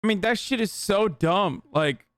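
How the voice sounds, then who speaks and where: High-pitched profane young man reacting. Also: lively intonation, a little slow, a bit bright, no echo. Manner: profane, mocking, incredulous. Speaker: streamer reacting to a TV show. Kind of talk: casual reaction commentary.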